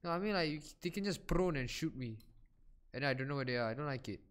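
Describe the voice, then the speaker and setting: A man with a Malaysian English accent, chatting casually with friends during an online shooter game, excitable and teasing as he calls out directions. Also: on the high side, fast, smooth. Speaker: gaming streamer. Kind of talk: casual gaming chat with friends.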